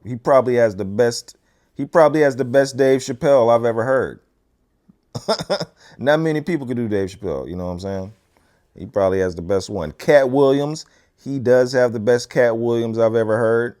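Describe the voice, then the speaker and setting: A man hosting a reaction video, talking in a relaxed, slangy way. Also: fairly low pitch. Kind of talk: casual reaction chat.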